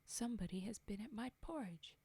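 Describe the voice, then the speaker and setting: A woman voicing a great big father bear with a rough, gruff manner in a whispered role-play for a storybook reading. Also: medium pitch, animated, fairly quick, mellow, no room sound. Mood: grumbling.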